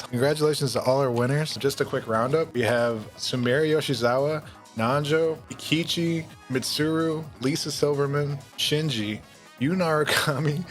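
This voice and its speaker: Young male video host, mid-pitched and excitable, casual banter over faint music. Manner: laughing, loose and excitable, swears. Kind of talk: casual commentary, reading a story aloud.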